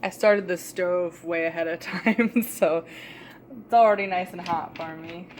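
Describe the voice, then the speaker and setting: A woman's voice: on the low side, big pitch swings, measured pace, creaky, background noise. A young woman vlogging in her home kitchen, talking casually into the camera mic in a rambling way and laughing often. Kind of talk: casual chat.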